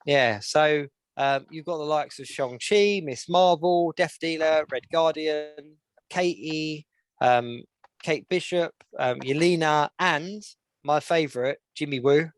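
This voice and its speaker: A man's voice: a little high, slow pace, no echo. Chatty man, dry sound. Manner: chatty, with many "um"s and recaps. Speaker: podcast co-host. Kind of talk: casual chat.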